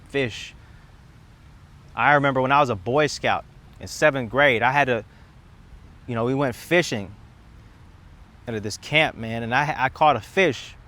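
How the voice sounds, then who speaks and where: A man's voice: mid-range voice, a bit bright. Impassioned young man ranting outdoors. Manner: impassioned, emphatic, repeats words and restarts. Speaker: content creator. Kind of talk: casual rambling monologue.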